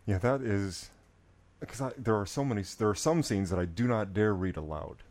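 A man who is an author guesting on a podcast from a living room, halting and self-deprecating. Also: fairly low pitch, a little mellow. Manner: halting, self-deprecating, stumbles over words. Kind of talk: casual chat.

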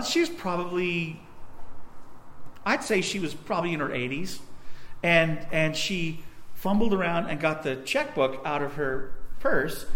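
A man's voice: fairly high pitch, a bit bright. A young man preaching a sermon, telling a personal story in a conversational way with little asides. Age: young adult.

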